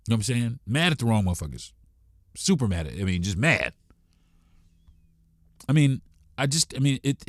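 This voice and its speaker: A man's voice: mid-range voice, no echo, clean studio sound. A man hosting a podcast, delivering a blunt, profane, heated monologue. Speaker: podcast host.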